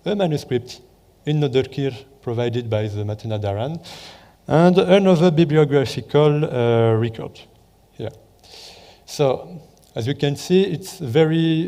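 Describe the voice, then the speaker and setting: A French-accented man presents a conference talk with a live demo, speaking careful, hesitant English full of fillers, restarts, and self-corrections. His medium-pitched voice is mellow and rather dark with some vocal fry, and a large hall's long reverb surrounds it.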